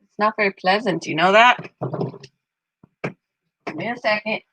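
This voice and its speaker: A woman hosting a casual live stream from home, chatting with viewers and cooing at her pet parrot in a high voice. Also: unhurried, sharp tone, no echo, poor audio. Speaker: channel host. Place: home room.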